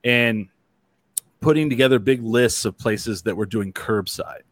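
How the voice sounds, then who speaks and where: A man's voice: on the low side, unhurried, dry recording. A man hosting a casual talk show, rambling with many "like"s and restarts. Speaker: host. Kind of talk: casual chat.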